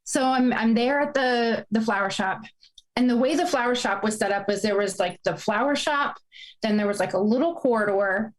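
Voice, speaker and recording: A woman's voice: fairly high pitch, normal speed, poor audio. A woman in her forties telling a painful personal story, fighting back tears as she speaks. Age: 40s. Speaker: guest.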